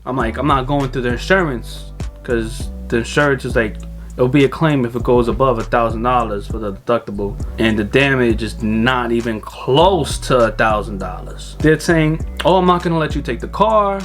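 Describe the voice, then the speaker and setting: Animated young man telling a story. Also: mid-range voice, moderate pace, soft background music. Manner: animated, swears freely, acts out other people's lines. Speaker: car vlogger. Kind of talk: casual storytelling.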